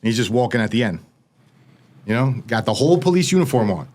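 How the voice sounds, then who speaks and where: A man's voice: mid-range voice, very animated, fast talker, a little mellow. Man telling a gripping story. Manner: vivid storytelling with frequent "like" fillers. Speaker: podcast guest. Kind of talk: recounting a personal story.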